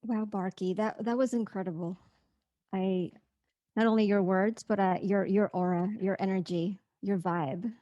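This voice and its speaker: A woman's voice: mid-range voice, fairly even intonation, normal speed, mellow, dry recording, highs cut off. A woman hosts an online event in a dry, close recording. She is effusive, trips over her words and restarts often. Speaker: rally host. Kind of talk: casual online event hosting.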